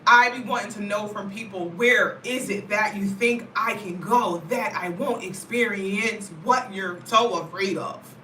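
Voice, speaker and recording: American woman, vlogger, casual and talkative; bright tone, echoey distant mic. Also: medium pitch, a little slow, hardly any pauses, slight background noise. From United States. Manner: animated, talkative, frequent "you know what I mean". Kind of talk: casual chat to camera.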